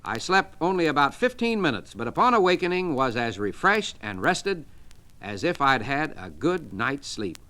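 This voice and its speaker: A man's voice: mid-range voice, sing-song, moderate pace, bright, forceful tone. A man voicing a kindly businessman earnestly telling a colleague about his own experience. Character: kindly, calm middle-aged businessman.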